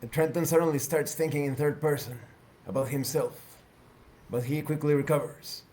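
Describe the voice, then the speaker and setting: A man narrating a tabletop science fiction game as game master, calm and measured. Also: on the high side.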